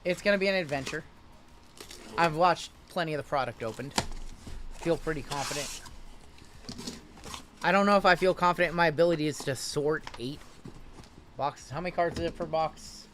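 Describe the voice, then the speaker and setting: A man's voice: fairly high pitch, normal speed, pauses often, fairly bright tone, a little hiss or hum. Chatty man hosting a card break stream. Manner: loose and chatty, rattling off names with frequent uh fillers.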